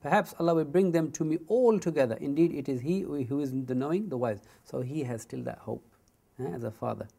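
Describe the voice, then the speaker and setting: A man giving a Quran commentary lesson, reciting Arabic verses quickly and then explaining them in English with frequent asides. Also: on the high side, gravelly, warm tone.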